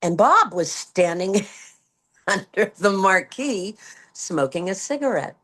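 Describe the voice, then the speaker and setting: A woman in her seventies, a former stage performer, telling a backstage story in an interview and acting out the quoted dialogue with lively swings in her voice. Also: mid-range voice, slow. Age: 70s. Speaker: guest, former Broadway performer. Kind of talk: anecdotal storytelling.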